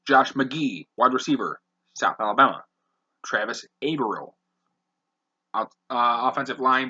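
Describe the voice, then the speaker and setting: A podcast host reads a long list in a bright, slightly husky voice. His delivery is brisk and blunt, and he drops the odd profane aside. The recording sounds dull and lo-fi. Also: medium pitch. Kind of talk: reading a list of names.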